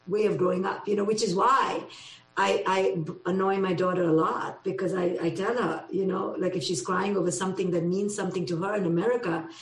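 A woman from India, a parent, talking in a casual conversation with an animated manner and frequent laughs. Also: medium pitch, a little fast. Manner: animated, mimics others' voices, laughs often. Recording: echoey room, distant mic.

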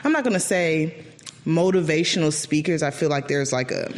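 A man co-hosting a podcast in casual chat, animated, his voice jumping up when he quotes people. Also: normal speed. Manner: animated, jumps high when quoting others. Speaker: podcast co-host.

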